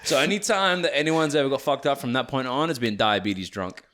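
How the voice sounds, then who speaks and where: A man's voice: medium pitch, fairly quick, soft background music. Young Australian man telling a swear-filled yarn. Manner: animated anecdote-telling, swears often, many "like" fillers. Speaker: podcast host. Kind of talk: casual chat, storytelling.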